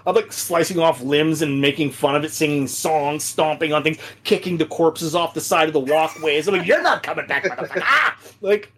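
A young man with a fairly high, husky voice chats as a podcast guest. He tells stories in an animated way, swearing freely and laughing often. The tone is loose and conversational. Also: moderate pace, few pauses. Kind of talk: casual chat.

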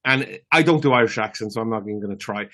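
A man's voice: lowish voice, fast, fairly bright tone. A man co-hosting a podcast, telling rambling stories in casual chat with many fillers. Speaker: podcast co-host.

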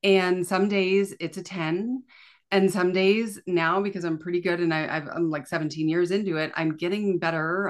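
Lower-voiced chatty Canadian woman. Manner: animated, chatty, lots of fillers like "like". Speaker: podcast guest. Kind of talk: casual conversational interview.

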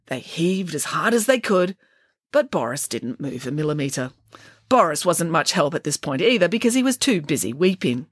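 Animated woman reading a storybook. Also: low voice, normal speed, no room sound, studio quality. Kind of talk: storybook narration.

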